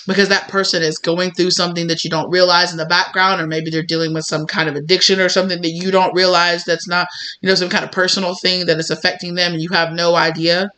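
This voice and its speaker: A woman's voice: on the low side, level tone, quick pace, pushed and bright. A woman giving a spiritual tarot reading, talking in a rambling, conversational way full of fillers and little acted-out dialogues. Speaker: tarot reader.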